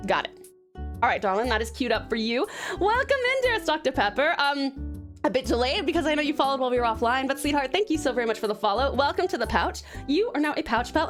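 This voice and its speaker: A woman streamer with a mixed American and Australian accent, chatting casually and bubbly with her viewers. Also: high-pitched. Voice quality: bubbly and giggly, doting on chat. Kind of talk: casual live stream chat.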